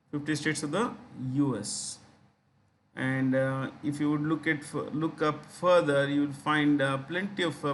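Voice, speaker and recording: Indian guy teaching exam prep, fairly high voice, lots of uh and um, faint hiss behind. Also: fairly bright tone. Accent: Indian English. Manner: explanatory, many fillers, repeats key terms.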